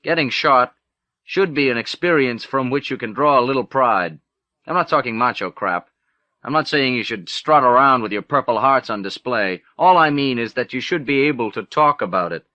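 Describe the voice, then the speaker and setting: Here the narrator's mid-range voice comes across animated, bright, and forceful at normal speed, with no room sound. He reads the first-person short story wryly and plainly, preserved on a dull, low-fidelity 1980s cassette.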